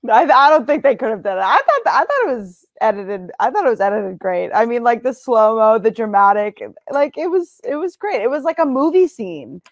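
Chatty woman with a higher voice. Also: big pitch swings, brisk, hardly any pauses, no room sound, dull audio. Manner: chatty, laughs easily, heavy use of like. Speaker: podcast guest. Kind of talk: casual reality-TV recap chat.

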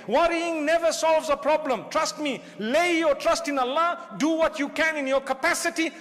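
High-voiced man preaching in a reverberant hall. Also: a bit bright. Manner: humorous, conversational, rhetorical questions. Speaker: Islamic preacher. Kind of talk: lecture sermon.

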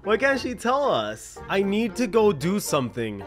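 A young man with a high voice narrates his gameplay in a casual, excitable way. His voice swoops up and down, and he laughs often as he reads other players' chat aloud. Faint music plays behind him. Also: normal speed. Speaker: gaming video host.

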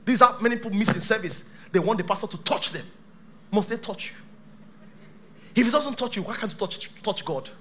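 A male pastor preaching a sermon to a live church congregation, dramatic, swinging from shouts to hushed tones. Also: high voice, a little fast, long pauses, slight background noise.

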